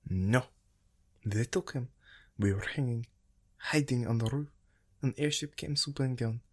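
A man voicing a desperate young mother who pleads in halting broken English. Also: medium pitch, pitched above the performer's own voice, close to an everyday voice. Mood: pleading, distraught.

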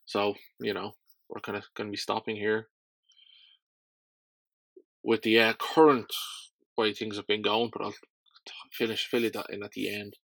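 A man with a stuffy, nasal cold voice hosts a casual podcast on his own, rambling and restarting his sentences. His low voice has a gravelly fry, and the recording is dry and close. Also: fairly bright tone, no echo. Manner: rambling, with many fillers and restarts. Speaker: podcast host. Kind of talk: casual solo podcast chat.

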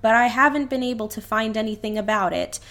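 A woman co-hosting a podcast, telling a story in animated casual chat and acting out the characters. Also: on the high side, fast talker. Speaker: podcast co-host.

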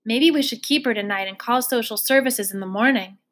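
A woman reading a novel aloud, voicing a calm male police officer who speaks quietly and evenly. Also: a little high. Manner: quiet, measured.

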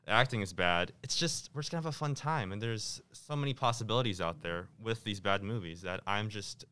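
A man's voice: lowish voice, brisk, pushed and bright, clean tone. A teenage boy co-hosting a casual podcast, jokey and laughing often, sometimes mock-formal. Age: teens. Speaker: podcast co-host.

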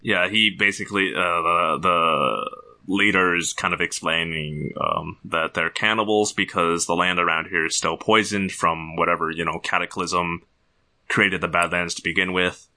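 A man's voice: low voice, steady tone, moderate pace, bright, forceful tone. A man hosting a podcast, recapping a show in a casual, rambling way with fillers. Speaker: podcast host. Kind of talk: casual chat.

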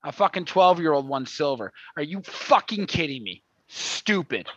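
A man co-hosting a casual podcast over a video call, prone to loud, profane rants. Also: a little high, very animated, moderate pace, breathy edge, dry recording, lo-fi sound. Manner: swearing rant, loud and exasperated. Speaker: podcast co-host. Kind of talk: casual chat. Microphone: home mic on a video call.

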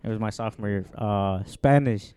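A man's voice: lowish voice, moderate pace, dark tone, clean tone, no room sound, clean studio sound. A young man co-hosting a casual podcast chat, telling stories with lots of restarts. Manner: rambling storytelling with restarts. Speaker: podcast co-host.

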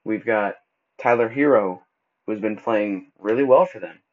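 A man with a fairly low voice hosts a solo podcast in a loose, casual way. He stumbles and backtracks over his words and drops in relaxed slang. The recording sounds dull and lo-fi. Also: unhurried. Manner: casual, stumbles and restarts often; laid-back slang like bro and dude. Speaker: podcast host.

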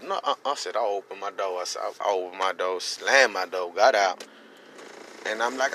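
Guy in his 30s ranting a story, lowish voice, lots of noise behind him. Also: moderate pace, sharp tone, rough recording. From Houston, Texas. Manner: rambling, heated, streetwise slang. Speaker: podcast host. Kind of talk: casual storytelling monologue.

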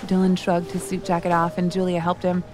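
A woman reading scripted audio drama narration in a steady, even manner. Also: on the low side, a little fast, soft background music.

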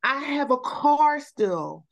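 A woman guest on a podcast, telling her story in casual chat with animated energy, repeating words and saying "y'all". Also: high-pitched, slow.

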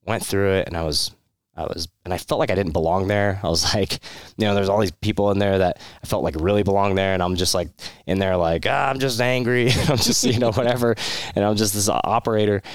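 A man's voice: low voice, fairly even intonation, quick pace, no room sound, studio quality. A man, a military veteran, telling his personal story in a candid, rambling way, with many fillers, restarts and short laughs.

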